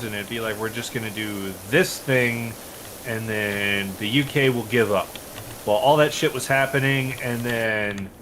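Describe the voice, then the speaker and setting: A man's voice: medium pitch, a bit bright, a little hiss or hum, poor audio. Rambling, opinionated man on a stream. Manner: rambling, opinionated, swears freely. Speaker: streamer co-host. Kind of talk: casual chat while gaming.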